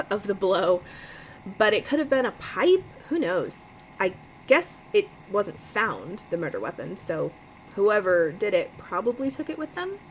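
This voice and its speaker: On a livestream, a woman with a mid-range voice reads a mystery novel aloud, chatting casually, laughing often and stopping to add her own comments. The recording is rough, with slight background noise.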